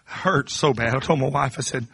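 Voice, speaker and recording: A middle-aged man preaches a sermon, sinking into low, confiding talk before climbing to high, shouted crescendos. His husky voice keeps a moderate pace, with no echo.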